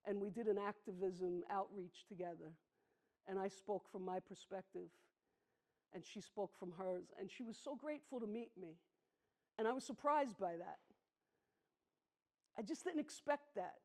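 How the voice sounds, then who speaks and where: A woman, performing a personal storytelling monologue on a theatre stage, intimate and emphatic, slowing down on heavy moments. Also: medium pitch, darkish tone. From the Bronx, New York. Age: 60s. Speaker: solo performer.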